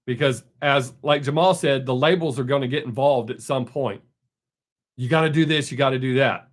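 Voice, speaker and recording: A man's voice: medium pitch, normal speed. A man hosting a casual live stream, answering viewer comments in a blunt, opinionated way.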